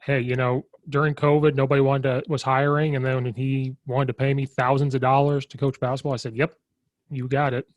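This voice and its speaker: A man's voice: medium pitch, flat delivery, brisk, no room sound, dull audio. A man hosting a coaching podcast over a remote call, easygoing and joking. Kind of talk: casual podcast chat.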